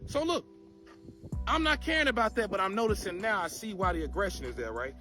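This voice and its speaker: A man telling a profane, animated story time and acting out the people in it. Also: high-pitched, fairly quick, faint music behind. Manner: profane, animated, acts out quotes.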